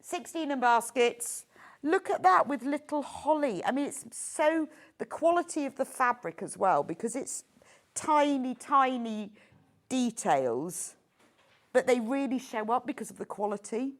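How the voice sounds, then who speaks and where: A woman presenting products on a live TV shopping show, gushing and enthusiastic as she shows them off, and quick to laugh. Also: high voice, lively intonation.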